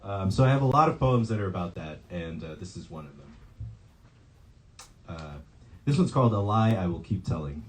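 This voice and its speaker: A man reading his poems at a bookstore poetry night, with halting, casual asides full of ums and uhs between pieces. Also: low voice, lively intonation, rough recording. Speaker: poet reading at an open mic.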